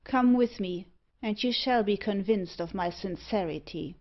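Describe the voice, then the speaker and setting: A suave, mocking gentleman tempter with something devilish about him, as a woman reads him aloud in an audiobook. He speaks slowly and deliberately at a middling pitch. The recording is a little dull and lo-fi. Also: close to an everyday voice. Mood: assured.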